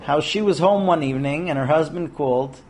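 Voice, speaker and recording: A man leading a Torah class, talking with a somewhat high voice. He is lively and animated, slipping into the voices of the people he quotes and throwing rhetorical questions at his listeners. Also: brisk. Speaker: rabbi teaching a Torah class. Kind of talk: lecture to a class of men.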